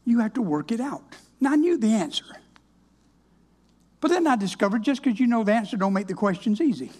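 Husky older preacher. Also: male voice, high-pitched, sing-song, fairly quick, darkish tone. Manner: folksy, plainspoken, wry. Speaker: minister. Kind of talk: personal testimony sermon.

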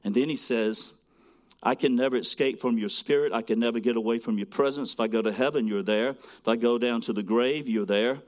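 A man preaching a sermon, swinging between loud, emphatic lines and quiet, hushed asides as he reads scripture to a congregation. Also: medium pitch, fairly quick. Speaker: pastor.

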